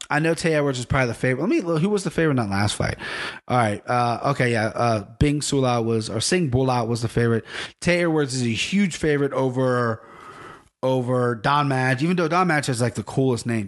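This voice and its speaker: A man's voice: medium pitch, a little fast. A man hosting a podcast in casual chat, rambling, correcting himself often and swearing freely. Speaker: podcast host.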